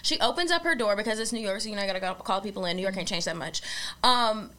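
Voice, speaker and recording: A woman on a podcast, casually retelling a case in a lively way and acting out what people said. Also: mid-range voice, fast. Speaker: podcast host. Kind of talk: casual storytelling chat.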